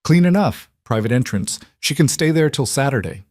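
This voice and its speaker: A man voicing a gruff older woman who runs a saloon, speaking in a gravelly, blunt, flat way for an audiobook. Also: medium pitch, moderate pace, dry recording, clean studio sound, pitched above the performer's own voice, lightly acted. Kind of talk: audiobook character voice.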